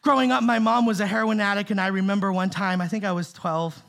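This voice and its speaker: Gravelly, bright-voiced male pastor preaching. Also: high voice, fairly even intonation, fast talker. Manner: emphatic, repeats key phrases for stress; conversational, often asks "right?" and "see?". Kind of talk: sermon. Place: church in the Bay Area.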